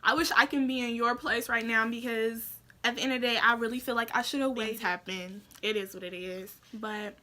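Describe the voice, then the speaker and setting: A woman's voice: a little high, brisk. A young woman telling a story to camera in a casual vlog, acting out her family's lines and often saying "like" and "that's that". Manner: animated storytelling, acts out quoted family voices; frequent "like" and "that's that" fillers. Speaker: vlogger.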